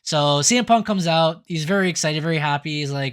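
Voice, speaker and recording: A man co-hosting a podcast, recapping shows in a quick, casual way and acting out lines. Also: fairly high pitch, fairly bright tone, clean tone. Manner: quick, acts out quoted lines. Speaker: podcast co-host.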